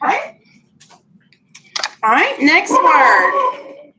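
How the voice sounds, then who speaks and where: Slow, bright-voiced woman teaching phonics. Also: fairly high pitch, wildly swooping pitch, noisy background. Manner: patient, clear, drawn-out instructional speech. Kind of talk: classroom phonics lesson. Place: classroom.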